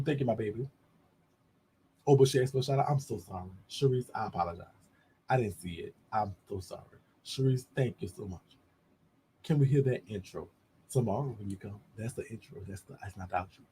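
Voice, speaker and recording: A man hosting a casual livestream gossip show, animated and camp, chatting directly to his viewers. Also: on the low side, brisk, slight background noise. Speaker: show host.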